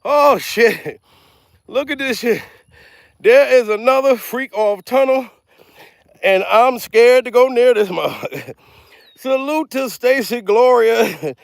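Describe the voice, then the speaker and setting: A man's voice: very high-pitched, vocal fry, no echo, clean studio sound. A man doing a comedic livestream, out of breath and laughing as he rambles, swearing constantly. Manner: profane, laughing, excitable rambling.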